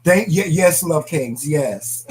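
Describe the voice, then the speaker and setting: A man's voice: a little high, a little hiss or hum, rough recording. A man co-hosting a casual live-stream talk show, reading comments and laughing as he talks. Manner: animated, laughing, reads viewer comments aloud.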